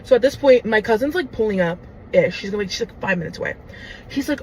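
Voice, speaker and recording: A young woman telling a story in casual style, animated and dramatic, full of fillers. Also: mid-range voice, fast talker, slight background noise, poor audio. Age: young adult. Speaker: storyteller in a clip.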